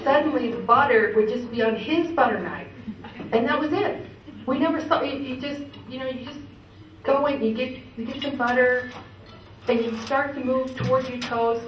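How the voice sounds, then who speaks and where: A woman's voice: on the high side, moderate pace. A woman telling family stories at a memorial gathering, chatty and laughing, with many fillers. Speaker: memorial speaker. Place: event hall. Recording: echoey hall, distant mic, ambient noise.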